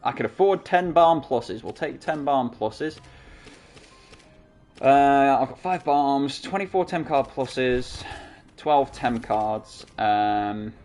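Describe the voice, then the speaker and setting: A man's voice: medium pitch, expressive, slow pace, a little mellow, soft background music. A man hosting a game playthrough who talks casually, joking at his own expense, into a desktop microphone. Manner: chatty, self-mocking. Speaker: gaming channel host. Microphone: desktop USB microphone.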